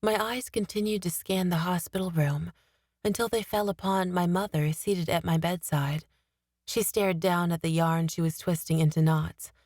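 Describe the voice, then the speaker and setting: Lowish-voiced woman narrating an audiobook. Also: fairly even intonation, normal speed, darkish tone, no echo, studio quality. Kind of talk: first-person audiobook narration.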